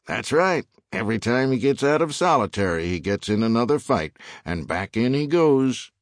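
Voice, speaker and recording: A man's voice: mid-range voice, sing-song, moderate pace, no room sound, studio quality, pitched above the performer's own voice. A man voicing a matter-of-fact male prison assistant warden who gives short, laconic replies.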